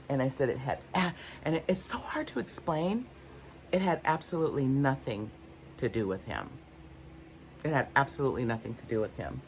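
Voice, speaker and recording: A woman's voice: rumbling low, lively intonation, normal speed, darkish tone, slight background noise. An older woman vlogging unscripted, candid and rambling, often searching for her words. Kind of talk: unscripted personal talk to camera.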